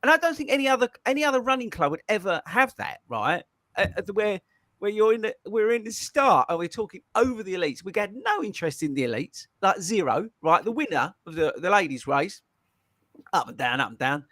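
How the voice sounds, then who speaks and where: A man hosting a running podcast, telling stories in a lively, laughing way. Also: high voice, fairly quick, no room sound, studio quality. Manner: animated, laughing storyteller. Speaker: podcast host. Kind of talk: casual chat.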